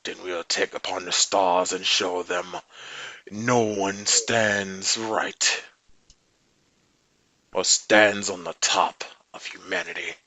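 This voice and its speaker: A man voicing a rebel cult leader who broadcasts a slow, solemn call to revolt. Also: low-pitched, steady tone, pushed and bright, no echo, full character voice. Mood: rallying.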